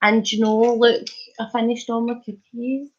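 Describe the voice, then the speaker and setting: Woman vlogger, high and unhurried, giggly and hyper, casual live-stream chat, muffled stream sound. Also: little pitch movement. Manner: chatty and giggly, laughing often. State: hyper and wide awake. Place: at home. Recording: slightly muffled lo-fi stream audio.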